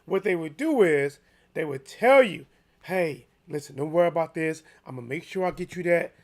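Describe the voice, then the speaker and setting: A man hosting a casual solo sports commentary, chatty and animated with lots of restarts, his voice a little hoarse. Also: fairly high pitch, normal speed. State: slightly hoarse.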